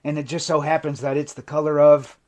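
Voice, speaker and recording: Recovery coach, male, high-pitched, fervent and emotional, hushed then intense, live stream monologue. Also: flat delivery, a little fast. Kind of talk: impassioned livestream monologue.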